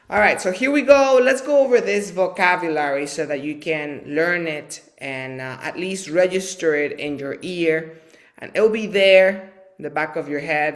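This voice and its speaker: Slow-paced man leading Spanish drills. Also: high-pitched, fairly bright tone. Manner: slow, drawn-out vocabulary drills with call-and-repeat; chatty asides between words. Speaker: Spanish teacher. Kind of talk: live bilingual language lesson.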